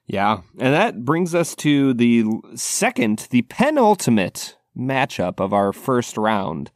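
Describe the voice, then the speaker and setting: A man co-hosts a podcast, chatting casually and easily about films and laughing often. His medium-pitched voice is very animated but slow, recorded at studio quality with no room sound.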